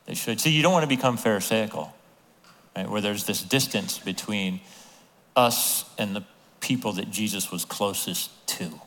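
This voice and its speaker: A man preaching a sermon as a pastor, telling the story with lively acted-out voices of the people in it. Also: lowish voice, moderate pace. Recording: long hall reverb.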